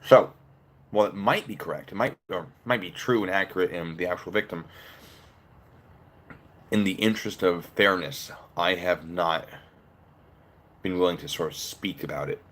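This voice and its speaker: A man's voice: deep voice, moderate pace, pauses often, a bit bright. A man giving opinionated, casual commentary on a legal case, breaking it down step by step while eating.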